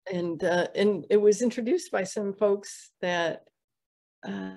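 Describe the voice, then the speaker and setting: A middle-aged woman telling a story in a podcast interview, halting with many fillers and restarts. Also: medium pitch, mellow. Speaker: interview guest, Ayurvedic practitioner. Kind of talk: conversational storytelling.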